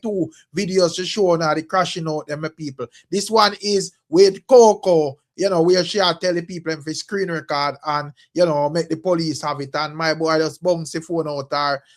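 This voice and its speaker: A man with a Jamaican accent hosting a casual gossip commentary, talking to viewers in a chatty way and repeating stock phrases. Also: a little high. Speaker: entertainment gossip host.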